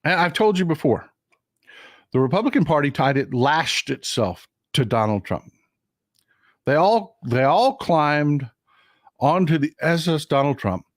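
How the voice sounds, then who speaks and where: A man from Texas hosts a livestream of political commentary, getting over a cold. He talks in an indignant, animated way, with a pitch that swings widely, and he repeats phrases for emphasis. The sound is dry and close, with no room echo. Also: unhurried. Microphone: desk mic at a computer for a livestream.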